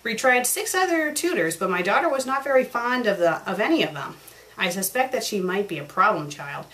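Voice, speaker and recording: A woman's voice: medium pitch, lively intonation, a little fast, a bit bright, lightly acted, low-quality recording. A woman reading out a polite, formal female company president who is a mother.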